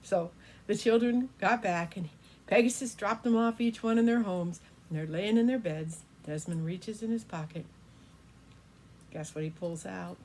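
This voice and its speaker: An older woman telling an improvised bedtime story in a gentle, folksy way as a grandmother storyteller. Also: mid-range voice, a little slow. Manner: gentle, folksy, with fillers like "kinda" and "you know".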